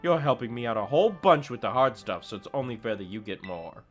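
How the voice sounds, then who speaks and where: A man voicing a gruff, quiet teenage boy from a video game, reading the lines low and subdued over faint game music. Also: sing-song, fairly quick, close to an everyday voice.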